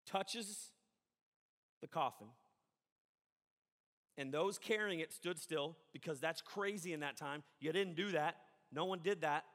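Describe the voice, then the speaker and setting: A male pastor preaching with a high, bright and forceful voice. He talks to the congregation in a lively, conversational way and slips into the voices of the people he quotes. His words ring out with the long reverb of a large hall. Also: a little slow, long pauses. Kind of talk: sermon.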